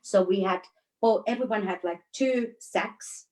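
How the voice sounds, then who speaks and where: A woman from Finland with a Finnish accent, chatting as a guest in an interview and telling stories with frequent laughs and pauses. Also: mid-range voice, a little mellow, rough recording. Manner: storytelling with frequent laughs and hesitations. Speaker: guest, dancer. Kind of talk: casual interview chat.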